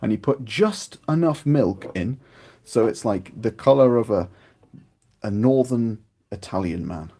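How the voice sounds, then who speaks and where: Gravelly British man chatting. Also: lowish voice, unhurried, a little hiss or hum. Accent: British English. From United Kingdom. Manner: rambling, chatty, grows animated. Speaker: miniature painting streamer. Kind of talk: casual chat while painting.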